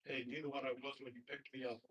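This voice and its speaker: A man voicing an old, sly male poisonous snake in a told story, pleading with a husky voice heard from far off the mic. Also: mid-range voice, little pitch movement, quick pace, a bit bright, lo-fi sound. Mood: coaxing. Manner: pleading, then coolly unrepentant.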